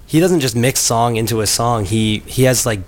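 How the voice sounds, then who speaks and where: A man's voice: medium pitch, normal speed. A young man in a casual group chat, rambling with restarts and fillers. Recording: faint background noise.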